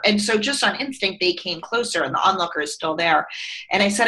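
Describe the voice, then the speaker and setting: A woman's voice: medium pitch, a little fast, rough recording. A middle-aged woman, a company founder, telling stories earnestly and expressively in a conversational interview. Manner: earnest, expressive storyteller, tearing up.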